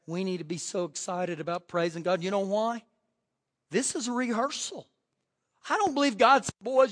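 A man pastor preaching a fervent sermon, swinging from shouts to hushed asides. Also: very high-pitched. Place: church sanctuary.

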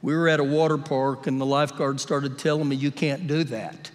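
A male pastor preaching a sermon during a live church service, telling animated, humorous stories and acting out the voices in them. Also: mid-range voice, brisk. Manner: animated storytelling, acts out quotes with humor. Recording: live church audio with long hall reverb.

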